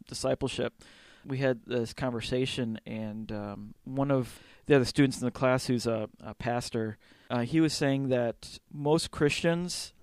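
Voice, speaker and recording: A man co-hosting a casual chat, laughing often and acting out movie scenes in quick voices. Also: mid-range voice, vocal fry, darkish tone, no room sound, studio quality. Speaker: podcast co-host; religious studies student.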